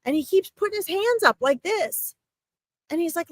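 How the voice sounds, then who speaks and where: A woman's voice: extremely high pitch, animated, normal speed, dry recording, low-quality recording. A woman working as a psychic medium in a live-streamed reading, talking in a chatty, reassuring way and often checking in with her listener. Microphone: streaming mic.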